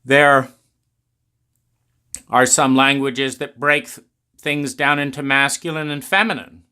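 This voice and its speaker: A man giving an unhurried philosophical talk, making his points with drawn-out emphasis and pointed rhetorical questions. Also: medium pitch, sharp tone.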